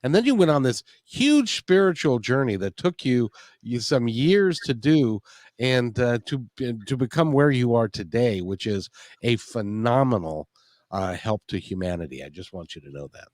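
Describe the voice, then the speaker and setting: A man's voice: mid-range voice, lively intonation, normal speed, darkish tone, no echo. An earnest male radio host with a mid-range voice heaps praise on his guest. His voice sounds dry and close, with no room around it. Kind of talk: radio interview.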